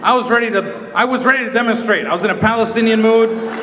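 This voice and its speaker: A male stand-up comedian from Nazareth with a high, bright, forceful voice who tells his story with animation and acts out both sides of the dialogue. He is heard through a stage mic in a big echoey hall, with a faint crowd and hum behind him. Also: fast talker. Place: large event hall stage. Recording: echoey hall with live audience. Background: audience.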